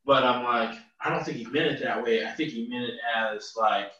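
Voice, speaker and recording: A man's voice: mid-range voice, normal speed, sharp tone, far from the mic. A man chatting casually, recapping news in laid-back slang. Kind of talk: casual chat. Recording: echoey room, off-mic, dull lo-fi.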